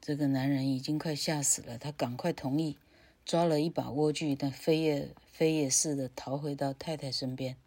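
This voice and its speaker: A woman teacher reading a fairy tale aloud for learners, carefully and with pauses. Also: sits low, fairly even intonation, mellow, husky. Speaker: grammar teacher. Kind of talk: bilingual story reading for learners.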